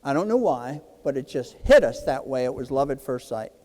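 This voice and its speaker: A man's voice: medium pitch, fairly quick, in a large hall. A man in his sixties from New Jersey gives a keynote speech, telling a personal story and acting out the dialogue. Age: 60s. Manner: animated, acts out quoted dialogue. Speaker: keynote speaker.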